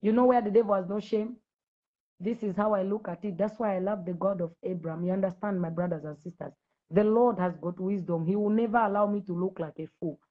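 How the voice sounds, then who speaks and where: A woman's voice: medium pitch, a little fast, phone-quality sound. A woman from Zambia with school-age children, preaching confrontationally and repetitively to viewers on a live video. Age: adult with school-age children. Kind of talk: livestream address to viewers.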